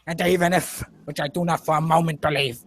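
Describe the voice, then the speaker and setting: A man's voice: on the high side, steady tone, a little fast, fairly bright tone. A man putting on a solemn wartime prime minister's speech, reading it as grand oratory.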